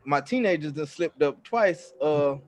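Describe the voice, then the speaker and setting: A middle-aged man with a somewhat high voice, co-hosting a podcast in loose, casual chat. He tells family stories with animated energy, acting out quotes and laughing often. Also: a little slow, slight background noise. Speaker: podcast co-host.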